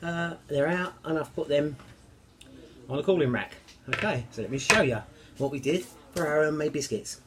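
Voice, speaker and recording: A man's voice: a little high, moderate pace, heavy background noise. A man, chatting casually in a home cooking vlog, cheerful and rambling, joking about himself. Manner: cheerful, rambling, self-mocking.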